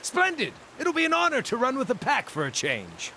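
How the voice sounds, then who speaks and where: A gleeful little meat-eating druid. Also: male voice, sits high, normal speed, noisy background. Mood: eager. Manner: jovial and relishing, lively sing-song delivery. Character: cheerful small male Orlan druid, gleefully eating raw meat. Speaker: game character. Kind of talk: video game dialogue. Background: game music.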